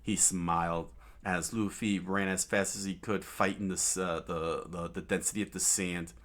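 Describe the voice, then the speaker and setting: A man casually reading a comic aloud, halting often and restarting his sentences with amused asides. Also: low-pitched, steady tone, fairly bright tone. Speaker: comic reader.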